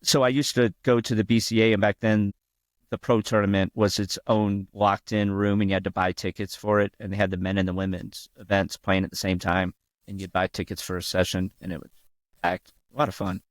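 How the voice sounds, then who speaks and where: Man, guest in an interview, low voice, rambling with restarts, dry close sound. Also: flat delivery, a little fast, dry recording. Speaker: guest, pool champion. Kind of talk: casual interview storytelling.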